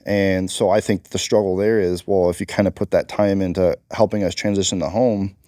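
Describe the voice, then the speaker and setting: A man's voice: sits low, steady tone, fairly quick, mellow, no room sound, studio quality. A man who is a Marine combat veteran, talking bluntly and emphatically as an interview guest. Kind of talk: candid interview talk.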